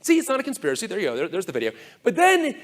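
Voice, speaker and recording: A man giving a conference talk to a live audience, sardonic and animated, full of fast asides and mock quotes. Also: high-pitched. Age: older. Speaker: conference speaker.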